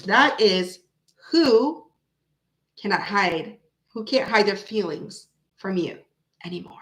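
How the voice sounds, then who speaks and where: A woman hosts a casual live tarot stream and chats warmly with her viewers in an animated, talkative way. Her voice sits a bit high. The sound carries the echo of a bare room. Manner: chatty, animated, laughs often, talks to her chat.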